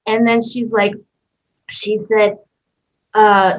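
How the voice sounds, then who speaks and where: A woman hosting a podcast, telling a personal story in an animated way and acting out the voices in it. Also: a little high, unhurried. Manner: animated, acts out quoted dialogue. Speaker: podcast host. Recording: muffled lo-fi recording.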